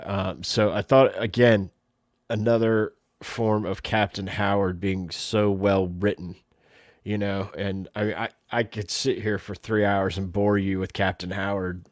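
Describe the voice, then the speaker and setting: Man, low voice, dry close sound, casual movie talk, acts out lines. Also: level tone, unhurried, no room sound. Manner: retells scenes, acting out characters' lines. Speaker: podcast co-host. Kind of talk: casual movie review chat.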